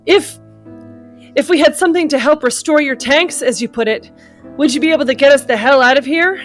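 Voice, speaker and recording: A woman's voice: sits high, fairly quick, soft background music, lightly acted. A woman reading a caring male soldier's lines aloud in a concerned, earnest way.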